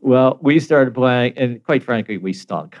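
Older American man telling a lively story. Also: mid-range voice, a little slow, dull audio. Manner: animated, laughs often, acts out quoted voices. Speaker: guest. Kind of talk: casual storytelling.

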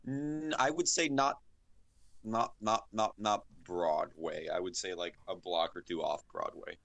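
A man's voice: low voice, steady tone, a little slow, vocal fry, a bit bright, no room sound. A man playing in a tabletop role-playing game, talking casually and hesitantly with frequent restarts. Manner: hesitant, stammering, lots of restarts. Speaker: player.

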